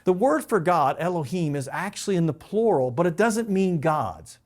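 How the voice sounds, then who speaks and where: A middle-aged man, a pastor, teaching a Bible lesson in a steady explanatory way, repeating key points. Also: a little high, normal speed.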